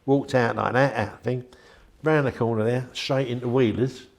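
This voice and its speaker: Older man, gravelly storyteller. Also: medium pitch, steady tone, normal speed. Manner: rambling, chatty, acts out quoted voices. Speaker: interviewee. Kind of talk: anecdotal storytelling.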